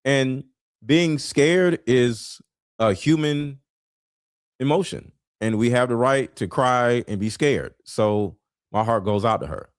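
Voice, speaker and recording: A man giving blunt, preachy reaction commentary, swearing and sometimes shouting. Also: medium pitch, slow pace, clear, resonant tone, no room sound, clean studio sound. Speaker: commentary vlogger reacting to clips.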